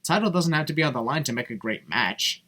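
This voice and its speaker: A man's voice: a little high, lively intonation, fast talker, very noisy. A man giving sarcastic voice-over commentary, blunt and mocking, swearing freely. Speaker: video commentator.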